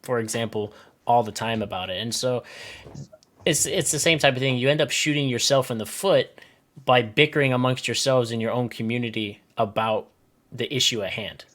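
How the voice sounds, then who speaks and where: A man co-hosting a podcast, chatting casually with quick reactions and jokes. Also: medium pitch, fairly bright tone. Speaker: podcast co-host. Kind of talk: casual chat.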